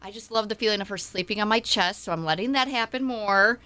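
A woman in her thirties, a stay-at-home mom co-hosting, chatting in an animated way and laughing often. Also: medium pitch, fast talker, clean tone, dry recording. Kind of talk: casual chat.

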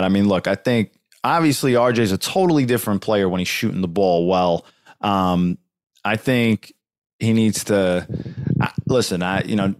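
Low, dry-voiced man talking basketball. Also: smooth, no room sound. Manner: rambling, full of fillers and jokes. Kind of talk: casual basketball chat.

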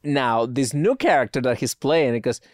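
A man's voice: medium pitch, animated, moderate pace, dry recording, studio quality. A man with a noticeable foreign accent talking earnestly in a casual chat as a podcast guest, often stumbling and repeating words.

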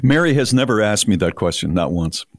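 A man co-hosting a radio show, trading deadpan banter with his co-host. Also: on the low side, brisk, no echo. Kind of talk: casual radio chat.

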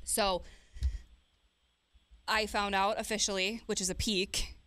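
A young woman co-hosting, chatting casually with quick agreeing interjections and playful asides. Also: medium pitch, level tone, pushed and bright, no room sound. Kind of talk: casual chat.

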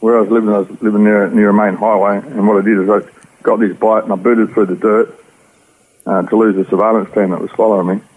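A man's voice: lowish voice, flat delivery, fast talker, breathy edge. An Australian man telling his life story as an interview guest, in an earnest, rambling way. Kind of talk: personal testimony. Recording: tinny phone-like radio audio.

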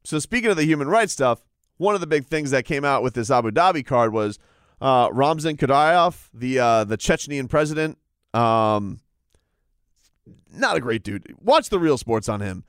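A man at medium pitch gives casual fight sports commentary and keeps restarting his sentences. The sound is dry and close, with no room echo. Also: animated, normal speed, clean tone. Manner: rambling, repetitive restarts. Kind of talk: casual chat.

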